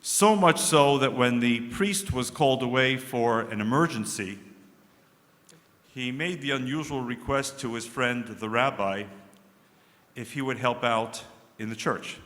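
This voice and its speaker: A man speaking as a guest at a religious service. He opens his speech with a joke and tells it in a dry, measured way. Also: medium pitch, a bit bright. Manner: dry storyteller, measured delivery. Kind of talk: formal speech opening with a joke. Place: synagogue sanctuary. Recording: echoey large hall with long reverb.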